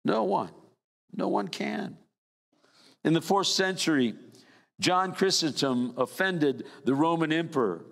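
An older male pastor delivers a sermon slowly and deliberately, in a slightly high voice. He lifts key phrases, then drops low and soft. His voice rings with a long reverb, as if filling a church hall. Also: gravelly. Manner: preaching with sweeping rises and drops in pitch.

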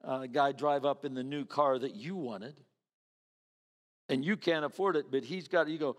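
Recorded in a reverberant hall, this pastor's mid-range voice moves at a moderate pace. He keeps his sermon conversational and performs the voices of those he quotes.

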